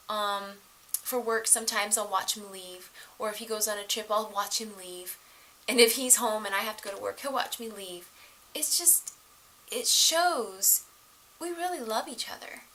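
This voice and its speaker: A middle-aged woman giving casual relationship advice to the camera, animated and laughing often as she acts out the voices of others. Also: fairly high pitch, a little hiss or hum, poor audio.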